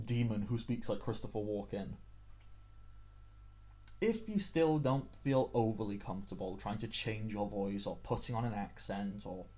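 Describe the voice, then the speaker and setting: A man's voice: mid-range voice, dark tone, highs cut off. Chatty British man giving game tips. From Britain. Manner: chatty, self-deprecating, many restarts. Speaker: tabletop game master giving advice. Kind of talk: casual tips video.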